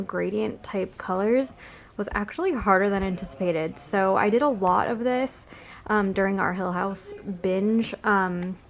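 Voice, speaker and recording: Young woman rambling on her vlog, lots of likes and ums, faint noise behind. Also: mid-range voice. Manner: chatty, rambling, many fillers. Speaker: vlogger. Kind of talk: casual vlog chat.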